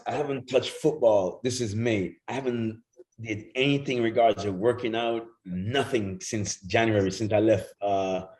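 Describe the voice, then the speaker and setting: Low-voiced man telling lively stories. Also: poor audio. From Jamaica. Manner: animated, acts out voices in his stories, swears freely, laughs often. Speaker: guest, former football player. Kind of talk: casual storytelling.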